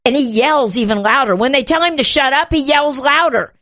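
A woman hosting a show, teaching from the Bible in an animated way and acting out the quotes. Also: high-pitched, a little fast. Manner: animated, acts out the quotes, shouts them.

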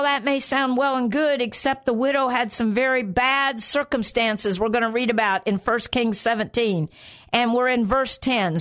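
A woman preaching a sermon in an earnest, steady way. Her voice sits a little higher than most. She repeats phrases for emphasis as she works through her points.

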